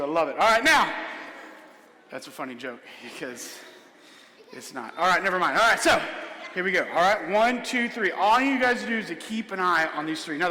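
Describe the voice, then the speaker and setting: A man's voice: sits high, bright, forceful tone. A man performing a comedic magic show in a church hall, playfully joking with and coaxing a child volunteer. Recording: echoey hall.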